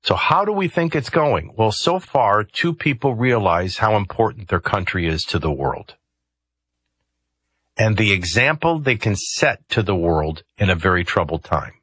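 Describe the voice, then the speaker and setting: A man's voice: lowish voice, animated, a little slow, fairly bright tone, husky, no room sound. A man hosting a talk radio show, commenting conversationally with rambling asides and hesitations into a studio microphone.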